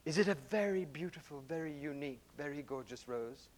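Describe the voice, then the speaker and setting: A man voicing a gentle, wise little old man who asks quiet, patient questions. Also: a little high, expressive, a little fast, big-room sound, pitched below the performer's own voice, close to an everyday voice.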